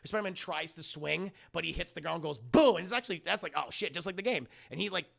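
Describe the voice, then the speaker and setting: A man's voice: on the high side, fast, gravelly, bright, forceful tone. A man streaming live, recapping a film scene by scene in casual, profane chat and mocking the dialogue in silly voices.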